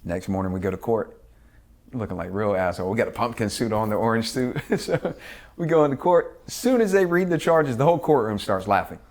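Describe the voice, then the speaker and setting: A man's voice: on the low side, fairly quick. A man being interviewed as a guest, telling a story casually with lots of swearing and acted-out quotes. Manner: profane, lively storyteller who acts out quotes.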